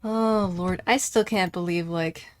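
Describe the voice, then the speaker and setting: A woman's voice: fairly low pitch, fairly even intonation, unhurried. A woman streaming a video game live, chatting casually with her viewers and laughing easily.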